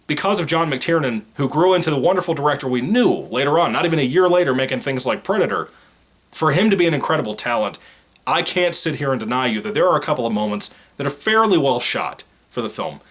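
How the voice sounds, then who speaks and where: A man's voice: medium pitch, fairly bright tone. Blunt, profane male movie reviewer. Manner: blunt, profane, opinionated rambling. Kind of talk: casual spoken film review.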